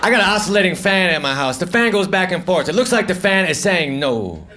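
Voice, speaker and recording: High-voiced deadpan stand-up man. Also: brisk. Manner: deadpan one-liners with mumbled self-deprecating asides. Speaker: stand-up comedian. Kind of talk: live stand-up comedy. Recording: noisy live club recording with audience laughter.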